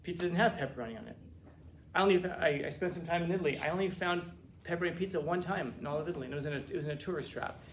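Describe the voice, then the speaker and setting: A man teaching a classroom lecture, telling funny stories with quick asides and teasing his students. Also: on the high side, slight background noise. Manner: joking, animated storytelling with quick asides.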